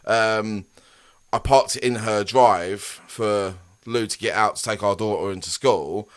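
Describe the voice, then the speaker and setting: A man's voice: lowish voice, steady tone, measured pace. A man, telling rambling stories on a casual podcast, laughing and swearing as he goes. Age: 30s. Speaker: podcast co-host. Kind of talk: casual chat.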